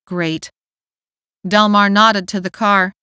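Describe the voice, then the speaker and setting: A woman narrating an audiobook in a steady, clear storytelling manner, recorded on a studio mic. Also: mid-range voice, takes it slowly, no room sound. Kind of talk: scripted narration.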